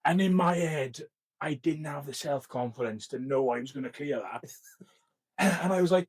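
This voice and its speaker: A man's voice: a little high, normal speed, breathy edge, no room sound, low-quality recording. Man, young, sweary storyteller, self-mocking, dry close sound. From Wales. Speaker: podcast guest. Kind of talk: casual chat.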